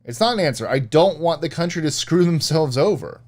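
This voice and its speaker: A man's voice: on the high side, animated, brisk, a little mellow. A man co-hosting a casual live stream, rambling and correcting himself as he answers chat.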